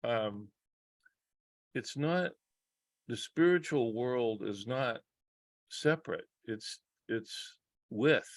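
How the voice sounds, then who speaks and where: Slow, halting man with dry sound. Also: mid-range voice, dry recording. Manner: halting, many restarts and pauses, earnest. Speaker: psychologist guest. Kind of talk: reflective conversation.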